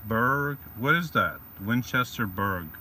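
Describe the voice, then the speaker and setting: A man's voice: medium pitch, animated, slow pace, bright, forceful tone, a little hiss or hum. A man hosting a casual livestream from his van, reading out viewer greetings and rambling with jokes. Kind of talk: casual live-stream chat. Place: van or vehicle.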